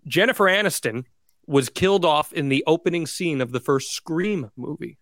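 A man's voice: fairly high pitch, moderate pace, fairly bright tone, no echo. A man hosting a casual podcast chat, running its segments in an upbeat, game-show way. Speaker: podcast host.

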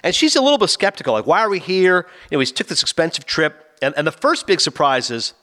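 A man's voice: on the high side, wildly swooping pitch, pushed and bright. A man co-hosting a casual podcast, reviewing a movie and acting out the characters' lines. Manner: fast, chatty, acts out quotes.

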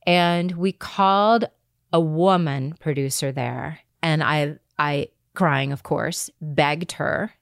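A woman with a low voice tells stories with animated energy, cursing freely. The sound is dry and close, with no room around it. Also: slow, gravelly, no echo. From Wisconsin, USA. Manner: animated storyteller who swears freely. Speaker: actress guest. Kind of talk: casual interview chat.

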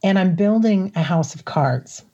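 A middle-aged woman from the Midwest recounts a personal experience in a husky, gravelly voice. She pitches it a little low and keeps it mellow, laughing often. The line is muffled and lo-fi. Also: animated. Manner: emotional, laughs often, halting restarts. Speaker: guest.

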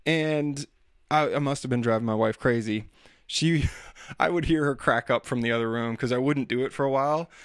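A man's voice: medium pitch, moderate pace, dry recording. Middle-aged male host, casual rambling storyteller, mid-range voice, dead-dry recording. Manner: chatty, self-deprecating, demonstrates singing sounds. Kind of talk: casual monologue.

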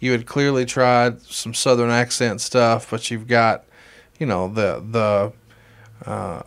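A man co-hosting a podcast, speaking at an average pitch. He is easygoing and casual. He mostly backs up his partner with short replies and throws in the occasional joke. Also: steady tone, takes it slowly, clear, resonant tone. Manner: brief affirming interjections, joking. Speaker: podcast co-host. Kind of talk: casual chat.

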